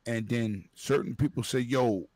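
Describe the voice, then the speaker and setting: A man from Brooklyn with a New York accent in casual, profane group banter, loudly arguing a point and cutting in to hold the floor. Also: medium pitch, unhurried, dry recording.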